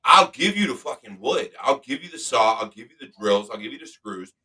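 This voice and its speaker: A man's voice: medium pitch, animated, a little fast, bright, forceful tone, far from the mic, low-quality recording. A man hosting a podcast in casual chat, talking emphatically and motivationally and swearing freely. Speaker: podcast host.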